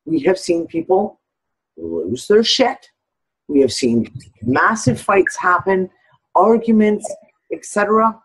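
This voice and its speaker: A woman's voice: mid-range voice, animated, slow pace, breathy edge, poor audio. A woman talking candidly in a casual online group discussion, swearing freely and acting out what others said. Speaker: discussion participant.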